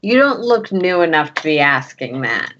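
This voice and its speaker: A woman's voice: low voice, big pitch swings, normal speed, a bit bright. A woman voicing a salty, jaded astromech droid in a tabletop game, talking bluntly and sarcastically. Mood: sarcastic. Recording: dull lo-fi sound.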